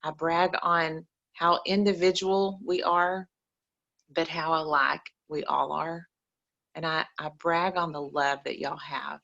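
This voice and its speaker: A woman's voice: low voice, level tone, slow pace, gravelly, fairly bright tone, lo-fi sound. A woman, speaking earnestly and emotionally to a group on a video call. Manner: emotional, earnest, repetitive phrasing. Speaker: call participant. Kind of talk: heartfelt group-call testimony.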